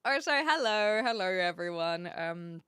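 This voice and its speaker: A woman from New Zealand with a New Zealand accent, live-streaming and chatting casually with her viewers, thinking aloud with lots of fillers and getting animated as she talks. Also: on the low side, a little slow, clear, resonant tone, no room sound, clean studio sound. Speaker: livestreamer.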